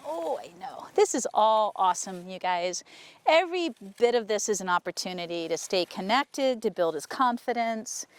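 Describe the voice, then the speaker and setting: A woman horse trainer talking casually to her viewers while working a horse outdoors, often breaking off to softly praise the horse. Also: medium pitch, animated, normal speed, clean tone. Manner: chatty, soothing praise to the horse. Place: outdoor arena.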